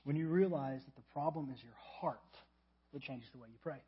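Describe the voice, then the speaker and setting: A man preaching a sermon as a pastor, emphatic and repetitive, often dropping to a soft low voice for example prayers. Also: normal speed, husky, lo-fi sound. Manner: emphatic, repeats key phrases, drops to soft low tones for acted prayers.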